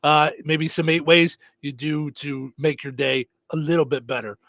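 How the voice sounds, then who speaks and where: A man's voice: a little high, steady tone, moderate pace, creaky, fairly bright tone, dry recording. Rambling male radio host, dry sound. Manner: rambling, many fillers and restarts. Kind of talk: casual morning radio chat.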